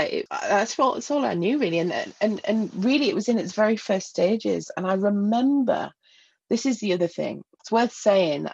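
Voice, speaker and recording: Her lowish voice carries vocal fry, a darkish tone and a breathy edge as this middle-aged Northeast England woman, an interview guest, revisits her memories with frequent fillers and small laughs. The recording has its high end cut off.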